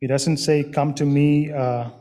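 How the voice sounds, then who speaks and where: A man delivers a sermon at an unhurried pace, his voice sitting a little higher than most men's. He talks earnestly, often pausing on fillers and starting phrases over. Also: flat delivery, warm tone. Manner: slow, earnest, with many fillers and restarts. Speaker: preacher.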